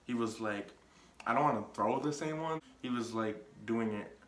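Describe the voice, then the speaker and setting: A man's voice: mid-range voice, moderate pace, reverberant, a little hiss or hum. Rambling young man telling a story. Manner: rambling, heavy on filler words and restarts. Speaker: vlogger. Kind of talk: casual storytelling.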